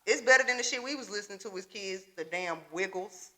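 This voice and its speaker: A young woman co-hosting a casual podcast chat, animated and profane, with slangy talk. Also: medium pitch, fairly quick. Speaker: podcast co-host.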